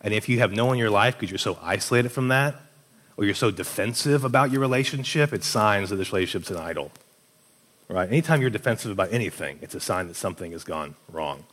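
A young man chats through relationship advice, telling stories and slipping into quoted voices. His voice sits on the low side, and the recording carries a long, roomy reverb. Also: fast. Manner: animated storyteller, acts out quoted voices. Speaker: co-host giving relationship advice. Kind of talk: casual advice talk with stories.

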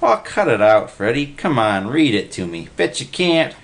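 Male reader doing a breathless, wide-eyed tagalong, high and shrill. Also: very animated, normal speed, vocal fry. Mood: pestering. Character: excitable simple-minded young man, pop-eyed.

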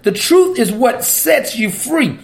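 A man giving an informal Bible teaching, animated and folksy, laughing often between verses. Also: very high-pitched, slow, gravelly.

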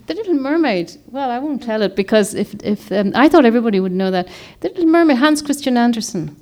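A woman's voice: on the high side, animated, fast talker, hardly any pauses, darkish tone. A woman author giving a reflective, rambling talk to a group, often searching for words and restarting her sentences. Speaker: author and speaker.

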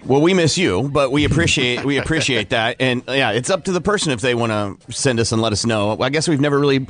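A man's voice: mid-range voice, animated, fast, a bit bright. A man hosting a morning radio show in casual chat, upbeat and taking listener calls. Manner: upbeat, laughs easily, takes calls.

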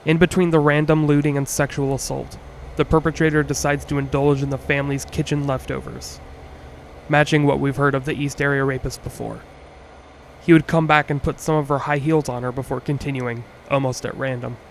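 A man hosting a podcast, reading a scripted true-crime story in a measured, earnest way with the odd wry aside. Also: medium pitch, little pitch movement, gravelly, a little hiss or hum. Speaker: podcast host.

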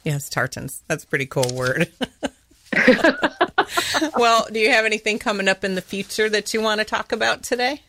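A woman's voice: mid-range voice, moderate pace, pauses often, fairly bright tone, no room sound. A middle-aged woman hosting an interview podcast, playful and chatty, laughing often. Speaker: podcast host. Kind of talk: casual interview chat.

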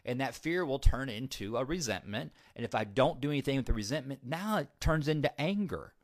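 A man's voice: mid-range voice, lively intonation, brisk, no room sound, clean studio sound. A man giving a motivational talk about recovery, emphatic, repeating key points and putting questions to his listeners. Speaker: recovery speaker.

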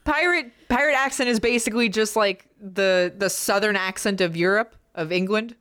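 A woman's voice: mid-range voice, fairly bright tone, smooth. An American woman co-hosting a podcast, playfully improvising a comedy bit with her co-host. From United States. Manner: playful, quick to go along with the bit.

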